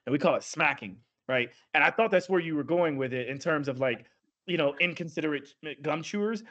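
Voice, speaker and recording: A podcast host, chatty and rambling, laughing easily with his guest. His voice sits a bit higher than most men's. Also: fairly quick, a bit bright, lo-fi sound. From Southern United States. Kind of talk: casual interview chat.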